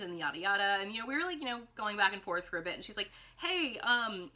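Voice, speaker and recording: Woman vlogger, casual storytime, bright tone, chatty and rambling. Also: medium pitch, quick pace, few pauses. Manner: rambling, heavy use of "like", animated quoted voices. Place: indoors at home, ring light.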